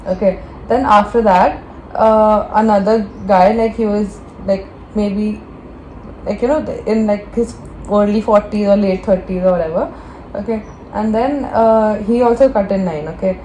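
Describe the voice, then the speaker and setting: A woman's voice: mid-range voice, fairly even intonation, a little slow, a little mellow. A young woman, casually and animatedly telling a friend a story, laughing and slipping into Hindi. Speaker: vlogger. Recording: echoey room with faint ambient noise.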